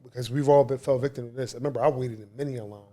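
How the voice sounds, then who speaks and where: A man, co-hosting a podcast in casual chat, excitable and profane, acting out quotes with a louder voice. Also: medium pitch, rapid-fire. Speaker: podcast co-host.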